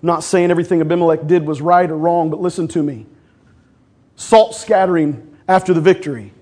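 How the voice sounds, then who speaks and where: High-voiced preacher. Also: male voice, a little fast. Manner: emphatic, swings from loud declarations to hushed asides; calls for congregation response. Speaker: pastor. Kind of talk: sermon.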